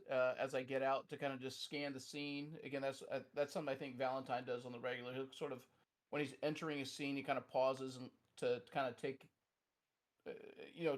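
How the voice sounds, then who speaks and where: Male player, mid-pitched, halting and filler-heavy. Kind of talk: tabletop role-play chat.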